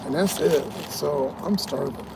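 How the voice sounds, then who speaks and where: A man's voice: on the high side, measured pace, gravelly, noisy background. A tired man vlogging in a casual, rambling way, swearing often and laughing at his own stories. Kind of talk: casual rambling vlog talk.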